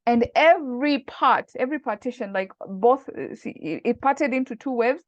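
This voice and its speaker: A woman with a slightly high voice teaches Arabic grammar in an easygoing lesson, patiently working through examples and slipping in Arabic quotes. The recording is dull and lo-fi, with a dry, close sound. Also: animated, normal speed, dry recording. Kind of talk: casual online lesson.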